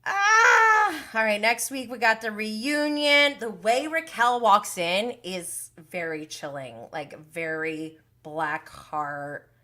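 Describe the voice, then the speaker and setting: A woman's voice: mid-range voice, slow, few pauses, sharp tone. A young woman hosting a casual recap livestream, emotional and outspoken, swearing freely as she reacts. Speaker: reality TV recap host.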